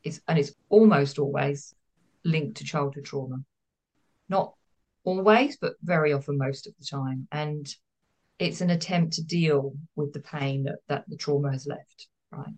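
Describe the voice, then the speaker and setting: A woman's voice: low-pitched, a little slow, darkish tone. A woman therapist, speaking as a guest in a podcast interview, explaining earnestly and repeating words for emphasis.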